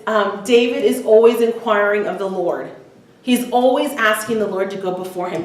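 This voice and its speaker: A woman teaching a women's Bible study, retelling scripture in casual everyday words with frequent ums. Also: on the high side. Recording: echoey room, voice from far off the mic.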